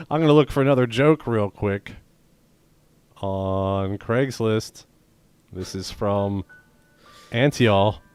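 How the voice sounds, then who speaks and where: A young man with a very low voice co-hosts a comedy podcast. His delivery is deadpan and meandering, full of crude jokes and dry asides. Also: slow, long pauses, smooth, no echo. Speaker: podcast co-host. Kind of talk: casual comedic banter.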